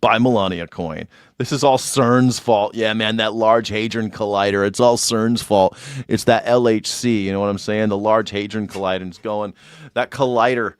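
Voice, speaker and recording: A man's voice: fairly even intonation, moderate pace, clear, resonant tone, dry recording, studio quality. Sarcastic man hosting a call-in stream. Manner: mocking, swings from shouted mock outrage to low asides. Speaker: live-stream host.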